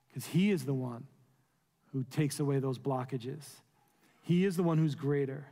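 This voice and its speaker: A male pastor with a fairly high, mellow voice preaches a sermon, earnestly pleading and putting rhetorical questions to his listeners. The long reverb of a large room surrounds his voice.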